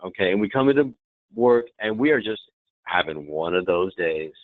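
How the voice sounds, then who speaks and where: A man presenting a hospitality training webinar, demonstrative and lively, often checking in with the audience. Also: sits low, moderate pace, no echo. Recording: tinny phone-like webinar audio.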